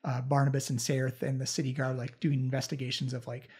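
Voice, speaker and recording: A man narrating as game master of a tabletop game, in halting, filler-heavy talk. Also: medium pitch, flat delivery, darkish tone, slightly rough.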